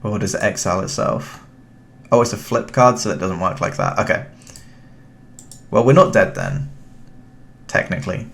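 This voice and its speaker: A man's voice: on the low side, normal speed, vocal fry, long pauses, fairly bright tone. A young British man casually commentating his own card game, thinking aloud and chatting to his opponent.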